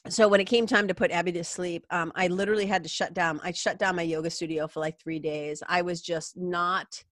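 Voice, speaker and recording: A middle-aged woman with a slightly low voice talks in a candid, rambling way. She is heartfelt and emotional and swears casually. The recording is close and dry, with no room echo. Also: steady tone, a little fast, fairly bright tone. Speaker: yoga teacher and podcast host. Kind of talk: heartfelt personal monologue.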